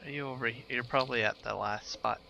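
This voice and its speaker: A man's voice: mid-range voice, steady tone, fast talker, creaky, muffled recording, noisy background. A man streaming a game live, chatting with viewers in a laid-back, rambling way while he plays. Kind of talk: casual live gameplay commentary.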